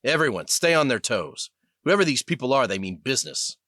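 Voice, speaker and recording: A man's voice: medium pitch, big pitch swings, brisk, bright, forceful tone, no echo, studio quality, pitched above the performer's own voice. A man doing a bold army sergeant giving orders. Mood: commanding. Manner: firm, raised commands. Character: bold male army sergeant, squad leader.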